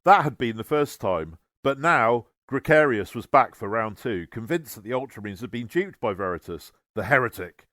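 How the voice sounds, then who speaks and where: A man's voice: medium pitch, animated, normal speed, few pauses, a bit bright, dry recording, studio quality. Wry man narrating a comic story. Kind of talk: humorous scripted narration.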